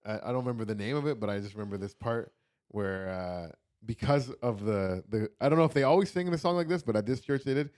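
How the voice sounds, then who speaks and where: A man's voice: lowish voice, fast, darkish tone. A young man from Canada, a comedian guest telling stories and cracking jokes in casual chat. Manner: joking, storytelling.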